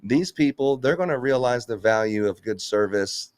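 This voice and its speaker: A man's voice: mid-range voice, animated, normal speed, a little mellow, no room sound. A man who runs a Christmas lights business, talking bluntly in a casual live chat, swearing and laughing often.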